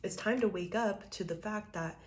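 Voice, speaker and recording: A woman's voice: mid-range voice, normal speed. A woman giving a casual tarot reading, talking loosely and profanely, laughing often and acting out quoted thoughts. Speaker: tarot reader.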